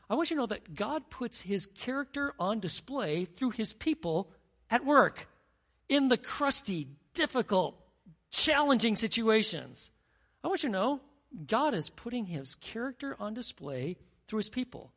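Animated preacher, lots of "right?" and little acted-out bits, middle pitch, sermon delivery. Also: measured pace. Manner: animated, acts out scenes, asks the crowd "right?". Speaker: pastor.

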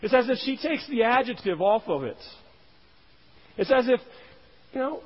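A man's voice: very high voice, lively intonation, moderate pace, long pauses. A man preaching a sermon as a pastor, emphatic, rising and dropping his voice to stress points. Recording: dull, roomy hall sound.

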